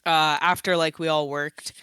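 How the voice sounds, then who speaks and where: A young woman tells a casual story on a podcast. Her voice is bright and crisp, and the sound is dry and close. She is animated and laughs often, and her voice jumps high when she quotes herself. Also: normal speed, no room sound. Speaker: podcast co-host.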